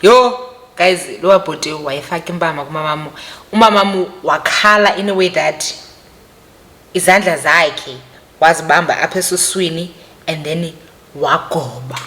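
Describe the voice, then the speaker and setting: A young South African woman vlogs a personal story in a low-pitched voice at a moderate pace. Animated and emphatic, she repeats phrases and speaks directly to her viewers.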